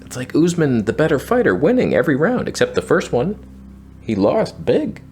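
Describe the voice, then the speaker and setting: A man's voice: fairly high pitch, wildly swooping pitch, normal speed, a little mellow, slight background noise. A man hosting a casual fight-prediction show, talking in a joking, sarcastic way. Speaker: podcast host.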